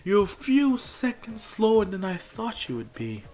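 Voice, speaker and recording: A man's voice: high voice, sing-song, unhurried, a little mellow, voice pushed up. A man voicing a scheming older male villain with a raised, mocking tone.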